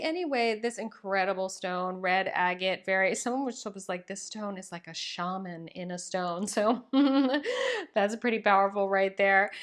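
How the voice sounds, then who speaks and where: A young woman hosting a casual tarot reading to camera, gushing and affectionate, with many ums and likes, recorded at home. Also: medium pitch. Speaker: tarot reader and channel host.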